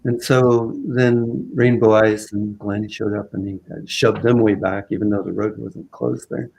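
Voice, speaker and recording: A man from Southern Vancouver Island, a guest in a conversation, telling a story casually in halting phrases full of fillers and restarts. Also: on the low side, steady tone, vocal fry, darkish tone, husky, poor audio. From Southern Vancouver Island, Canada.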